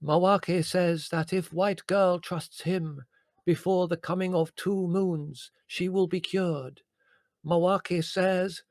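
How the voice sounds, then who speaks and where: A man voicing a pompous older female spirit medium who booms slow, trance-like pronouncements. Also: fairly even intonation, no echo, studio quality. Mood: solemn, portentous.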